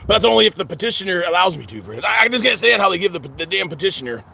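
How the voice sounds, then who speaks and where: Fast-talking gravelly man, stammering. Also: sits high, very animated, bright, forceful tone. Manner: repeats 'friends' constantly, stammering restarts. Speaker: vlogger. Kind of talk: rambling personal vlog. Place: outdoors at a cemetery.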